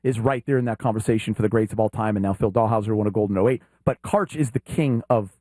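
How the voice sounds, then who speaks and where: A man's voice: on the low side, fast talker, dark tone, dry recording. A man co-hosting a sports talk show, telling stories with enthusiasm in casual chat. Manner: enthusiastic storyteller.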